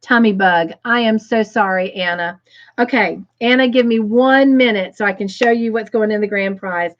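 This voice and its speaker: A woman hosting a crochet live stream, reading viewer comments aloud and gushing with excitement. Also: medium pitch, moderate pace, dull audio.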